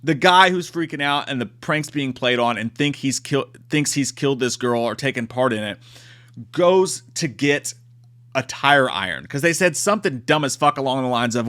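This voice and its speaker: A man giving a comedic movie review in a profane, animated way, acting out quotes. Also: mid-range voice, normal speed.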